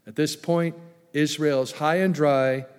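A man preaching a sermon in a fairly high voice, earnest and emphatic as he reads and explains scripture. His words carry a long reverb from a large hall. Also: fairly even intonation, a little slow, clean tone. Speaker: pastor.

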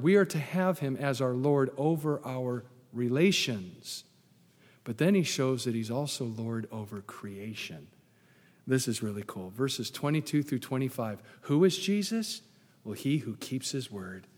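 A man's voice: medium pitch, darkish tone, long reverb tail. A man preaching a sermon as pastor, emphatic, repeating key phrases and putting questions to the congregation.

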